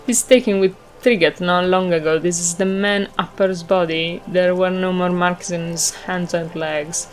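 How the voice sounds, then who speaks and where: A composed, guarded middle-aged informant, read by a woman. She speaks in a fairly low voice, measured and careful, stretching some phrases out slowly. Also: fairly even intonation, natural voice, poor audio. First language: Italian.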